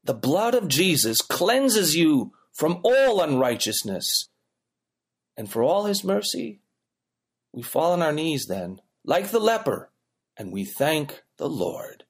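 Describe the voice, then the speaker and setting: A man delivers a sermon, his voice sitting a little high and swinging widely in pitch. He preaches with emphatic, rhythmic repetition, stacking phrase on phrase. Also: sing-song, slow pace, slightly rough. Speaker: pastor.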